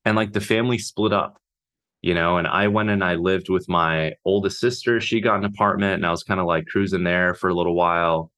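A man telling his own life story off the cuff, halting and full of fillers, swearing casually. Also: low voice, fairly even intonation, fairly bright tone. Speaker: podcast host. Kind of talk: unscripted personal storytelling.

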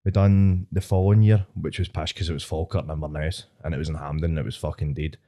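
Scottish podcast host guy, 20s, low mellow voice, swears a lot while he rambles. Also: fairly even intonation, fast. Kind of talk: casual chat.

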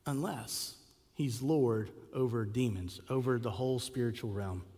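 A man preaching a sermon as a pastor, telling a story with lively acted quotes and rhetorical questions. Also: mid-range voice, unhurried, husky. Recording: long hall reverb.

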